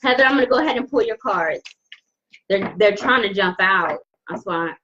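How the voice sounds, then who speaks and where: A woman's voice: mid-range voice, expressive, moderate pace. Effusive tarot reader woman, lo-fi sound. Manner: warm, effusive, repeats phrases for emphasis. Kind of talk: live-streamed intuitive tarot reading.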